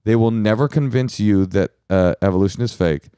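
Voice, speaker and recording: A man hosting a podcast, chatting casually and telling rambling, animated stories. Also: fairly low pitch, a little fast, smooth, no room sound, clean studio sound. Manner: rambling, animated storytelling with restarts. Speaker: podcast host. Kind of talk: casual comedic chat.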